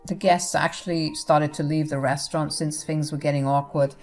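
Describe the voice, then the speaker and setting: Woman telling a story, chatty and expressive, faint music underneath. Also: on the low side. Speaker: narrator. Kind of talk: storytelling narration.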